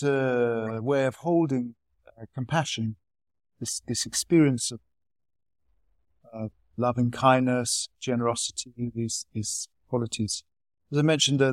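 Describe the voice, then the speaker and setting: A male Buddhist teacher gives an informal dharma talk in a medium-pitched voice, recorded dry and close with no echo. His lecture is easygoing and conversational, relaxed, with storytelling asides.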